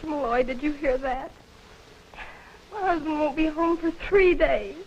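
An actress playing a sweet, eager young newlywed wife in a 1940s film, talking in a gushing, affectionate way. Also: female voice, high-pitched, moderate pace, darkish tone. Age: young adult. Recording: dull old film soundtrack, faint hiss.

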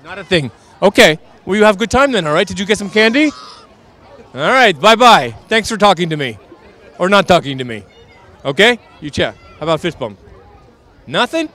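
A man with a high, light voice chats cheerfully with costumed kids outdoors, coaxing them onto camera. He jokes in the role of a harmless vampire count, with a murmur of people around him. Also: very animated, normal speed, sharp tone, a faint crowd. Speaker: community TV street interviewer. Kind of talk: casual street interviews with costumed children. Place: outdoors at a street Halloween parade.

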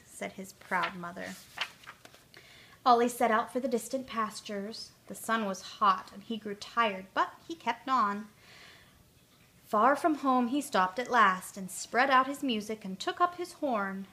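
A woman storyteller reading a children's story aloud in a gentle, expressive way. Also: medium pitch, moderate pace.

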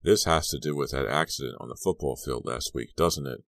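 A calm middle-aged school principal, voiced by a male reader, measured and dry. He speaks in a very deep voice in a storybook. The recording is close and dry. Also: gravelly, no room sound, exaggerated voice.

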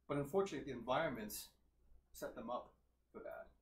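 A man's voice: medium pitch, lively intonation, quick pace. A man giving a public health lecture with slides, earnest and emphatic, laying out points one by one. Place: lecture hall. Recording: roomy hall sound, faint noise.

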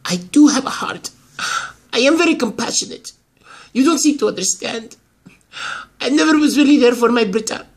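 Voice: medium pitch, moderate pace, pauses often, husky. A performer voicing a gloating, scheming grandmother. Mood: pleading. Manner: haughty, gloating, pleading in turns. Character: scheming older woman, obsessed grandmother. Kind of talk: amateur soap-opera acting.

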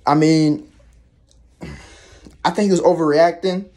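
Young man, slightly high voice, rambling profane rant, fed up, casual vlog talk. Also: fairly even intonation, a little slow, darkish tone. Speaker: vlogger. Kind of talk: casual ranting monologue.

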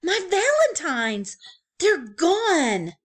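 A woman voicing a young boy turtle in a storybook, eager and easily upset, speaking in a high, earnest, childlike way. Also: big pitch swings, unhurried, a bit bright, exaggerated voice.

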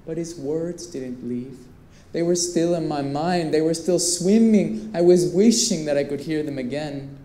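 A man performing a theatrical storytelling monologue, animated and swinging between hushed and excited tones. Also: a little high, unhurried. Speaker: performance artist. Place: performance space with live visitors. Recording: roomy echo.

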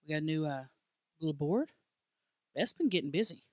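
A woman's voice: low voice, animated, a little fast, a little mellow, dry recording, studio quality. Playful swearing woman co-hosting a podcast. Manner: playful, laughing, swears freely. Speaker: podcast co-host. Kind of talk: casual chat.

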